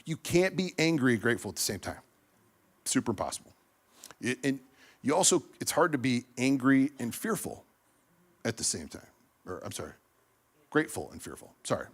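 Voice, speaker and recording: A man preaching to a church business group in a casual, animated way, acting out quoted voices with lots of fillers and restarts. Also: medium pitch, breathy edge. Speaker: speaker at a church business ministry meeting. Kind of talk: energetic preaching talk.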